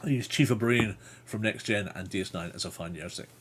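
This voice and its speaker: Reading a gamebook aloud on his livestream, this man chats playfully with his viewers in frequent asides. He speaks briskly in a lowish voice against a noisy background.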